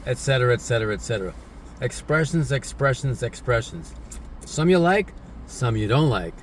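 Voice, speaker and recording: In a casual spoken English lesson, a man speaks in an animated, mid-range voice at a moderate pace, with slight background noise. He repeats himself often and tacks on "right?" or "isn't it?" after his points.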